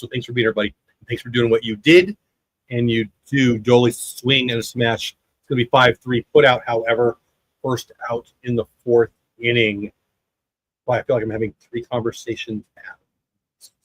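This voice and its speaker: A man's voice: mid-range voice, no echo, rough recording. A man in his fifties hosting a livestream watch party, chatting casually and rambling between the game and viewer comments. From United States. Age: 50s. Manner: rambling, chatty, reads chat aloud. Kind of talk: casual live baseball commentary.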